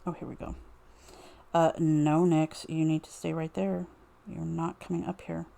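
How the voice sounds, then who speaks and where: A woman's voice: low-pitched, level tone, unhurried, vocal fry, warm tone. A woman streaming a live craft demo, muttering to herself while she works.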